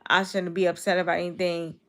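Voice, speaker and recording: Gravelly-voiced Chicago woman livestreaming. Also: level tone, fairly quick, fairly bright tone. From Chicago, USA. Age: 20s. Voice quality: low, gravelly voice that viewers mistake for a cold. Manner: talks straight to her chat, reading and answering comments. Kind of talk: casual livestream chat with viewers.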